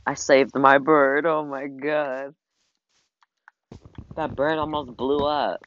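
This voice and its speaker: A gamer chatting casually while playing with a friend, excitable and teasing, often gasping and squealing. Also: mid-range voice, takes it slowly, dry recording. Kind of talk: casual gameplay chat. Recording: dull lo-fi recording.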